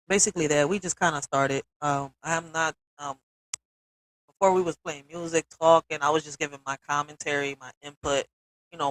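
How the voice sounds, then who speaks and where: A woman hosting a casual livestream, candid and quick to swear and laugh. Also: low-pitched, fairly bright tone, no room sound, rough recording. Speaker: livestream host.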